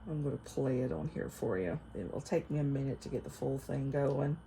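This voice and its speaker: A middle-aged woman with a Southern US accent, chatting casually to camera as a vlogger, folksy and quick to laugh. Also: a bass voice, lively intonation, creaky, dark tone, a little hiss or hum. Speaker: vlogger reviewing a Bible study.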